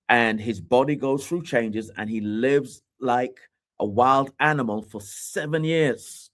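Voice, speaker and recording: A man preaching on a podcast, emphatic, slowing down and repeating key words for weight. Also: mid-range voice. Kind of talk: sermon-style teaching.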